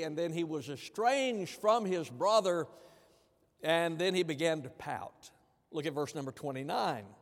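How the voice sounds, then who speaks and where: A man preaching a sermon, slipping into the voices of the people in his story and swinging from quiet asides to loud declarations. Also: a little high. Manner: acts out the angry elder brother in plain voice, from soft asides to loud. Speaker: pastor. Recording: long hall reverb.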